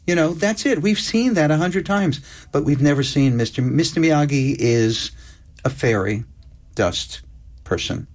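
An older man, a guest on an interview show, telling stories in a wry, unhurried way and lingering on his words. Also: on the high side, animated. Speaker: screenwriter guest. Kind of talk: interview chat.

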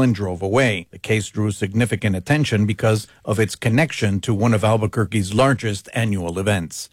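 A man's voice: lowish voice, no echo, studio quality. Man filing a radio news report. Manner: even, formal reporter delivery.

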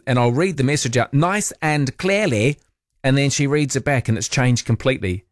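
Chatty New radio host, dry studio. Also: male voice, medium pitch, normal speed, no room sound. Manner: relaxed, chatty, self-deprecating. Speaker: overnight talk radio host. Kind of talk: late-night radio, reading listener texts. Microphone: studio microphone.

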